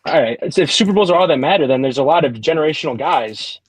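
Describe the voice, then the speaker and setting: Hesitant, husky young debater. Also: male voice, a little high, lively intonation, quick pace, dry recording, low-quality recording. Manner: hesitant, filler-heavy, argumentative. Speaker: podcast debater. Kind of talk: casual live debate. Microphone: AirPods.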